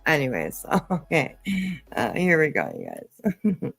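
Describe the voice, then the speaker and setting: A woman's voice: rumbling low, huge pitch swings, takes it slowly, gravelly, fairly bright tone, dry recording, soft background music. A woman giving casual live commentary, swearing freely, mocking, and often laughing. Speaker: commentary streamer.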